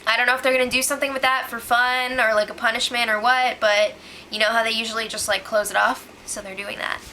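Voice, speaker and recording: Woman, high pitch, bright tone, casual recap, animated, exclaiming. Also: fast talker, slight background noise, poor audio. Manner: animated, exclaiming, acts out quotes. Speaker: show recap host. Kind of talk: casual spoiler recap chat.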